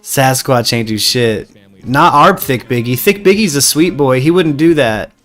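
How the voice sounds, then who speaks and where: A man's voice: medium pitch, animated, a little slow, fairly bright tone, soft background music. A man co-hosting a podcast in casual banter, crude and joking, laughing often. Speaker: podcast co-host. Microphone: headphones and studio mic.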